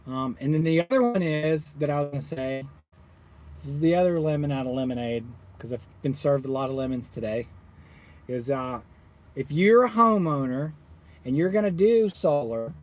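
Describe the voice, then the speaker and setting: A man who runs a solar installing business, ranting casually to viewers with animated exasperation. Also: a little high. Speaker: solar installer, channel owner.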